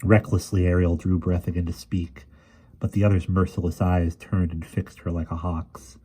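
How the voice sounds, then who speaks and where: A man reads a fantasy novel aloud in a steady, measured way. His voice sits low and sounds dark and mellow. Now and then he restarts a word and carries on. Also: husky. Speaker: reader. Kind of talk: audiobook narration.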